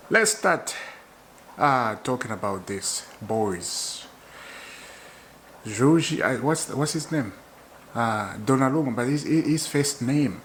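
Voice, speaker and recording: Male football vlogger, mid-pitched, excitable, chatty, quick to laugh. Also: a little hiss or hum, low-quality recording. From Zambia. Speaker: football channel host. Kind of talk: casual football chat to camera.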